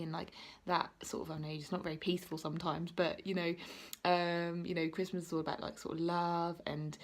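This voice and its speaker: A woman's voice: fairly low pitch, a little mellow. A woman giving an intuitive card reading to her viewers. She talks in a chatty, rambling way, full of "like" and "you know", and she encourages the viewer directly. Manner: encouraging, speaking straight to the viewer. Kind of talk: casual card-reading vlog.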